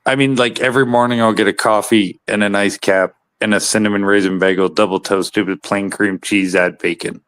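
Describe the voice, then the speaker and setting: A man's voice: on the low side, fairly even intonation, brisk, hardly any pauses, a bit bright, clear, resonant tone, no room sound. A man casually chatting as a show co-host, rambling and swearing as he gushes about food. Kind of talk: casual crude chat.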